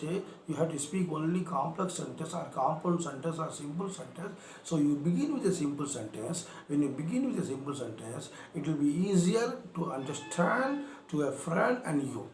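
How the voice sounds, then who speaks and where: A man's voice: on the high side, sing-song, normal speed, hardly any pauses, darkish tone. A man with an Indian English accent, teaching an English lesson with repetition and rhetorical questions. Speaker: English lecturer. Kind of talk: spoken language lesson. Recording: echoey room with faint noise.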